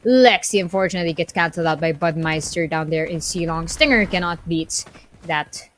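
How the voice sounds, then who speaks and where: A woman casting an esports match live, calling the action play by play. She is excitable and quick to exclaim when a big play happens. A faint hiss sits behind her voice. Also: lowish voice. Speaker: esports caster.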